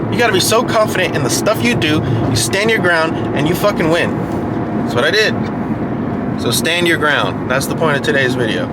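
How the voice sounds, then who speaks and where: A man with a high-pitched voice delivers an emphatic, profanity-laced motivational monologue for his vlog, hammering the same points again and again. Loud vehicle noise outdoors runs under his voice throughout. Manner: emphatic and repetitive, swears freely. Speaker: vlogger.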